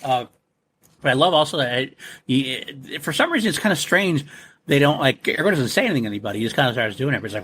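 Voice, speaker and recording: A man chats as co-host of a casual film podcast, his voice slightly husky yet bright. He talks with real enthusiasm, laughs easily, and tosses in quoted lines as he goes. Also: mid-range voice, expressive, quick pace.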